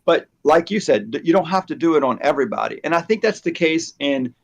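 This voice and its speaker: A man who works with hair extensions, giving relaxed, opinionated advice in a casual chat. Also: on the high side, fast, vocal fry, lo-fi sound.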